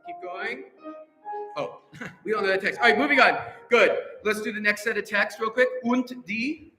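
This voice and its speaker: A man's voice: sits high, moderate pace. A man directing a choir rehearsal, coaching German diction, counting in, and encouraging the singers. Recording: echoey hall, piano in background.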